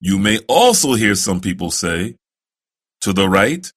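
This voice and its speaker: Slow, low-voiced man teaching prayer. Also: very animated, a bit bright, breathy edge. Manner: recites prayers slowly and deliberately, with pauses for repetition. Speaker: religious instructor. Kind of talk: slow, careful instructional narration.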